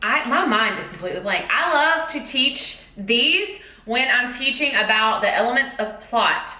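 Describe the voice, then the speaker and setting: A woman's voice: on the high side, expressive, normal speed, sharp tone. A woman teacher chatting in a bubbly, exclamatory way about a haul of school supplies. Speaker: teacher vlogger. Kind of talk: casual haul vlog. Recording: echoey room.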